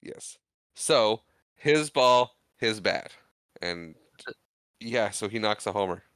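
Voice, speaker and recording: A man's voice: on the low side, takes it slowly, no room sound, clean studio sound. A man co-hosting a podcast, casually recapping a movie scene by scene and acting out the characters' lines. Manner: animated, acts out characters' lines while retelling scenes. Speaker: podcast co-host.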